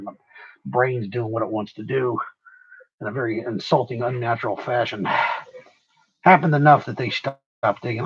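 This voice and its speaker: A man's voice: mid-range voice, fairly bright tone, lo-fi sound, slight background noise. A man livestreaming while he works on a craft project, tired, rambling and profane, mocking himself as he goes.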